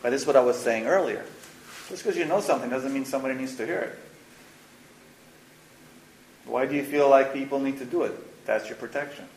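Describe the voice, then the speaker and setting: Leading a spiritual workshop, a man talks frankly and casually, animated and peppered with slang and the odd curse. His voice is medium in pitch and a little fast, with vocal fry and frequent pauses. Faint noise and a roomy echo color the recording.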